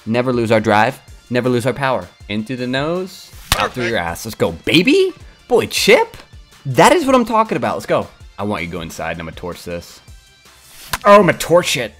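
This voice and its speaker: A young man giving crude, excitable live commentary while he plays a video game, trash-talking and yelling at the screen. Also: mid-range voice, fairly quick, faint music behind. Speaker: gaming streamer.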